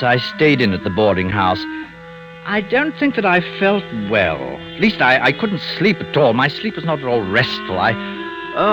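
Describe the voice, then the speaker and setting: An actor playing a genteel middle-aged poisoner in a 1950s radio drama, who narrates, wheedles and turns cruel. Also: male voice, medium pitch, close to an everyday voice, poor audio. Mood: brooding narration. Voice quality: theatrical, wheedling then venomous.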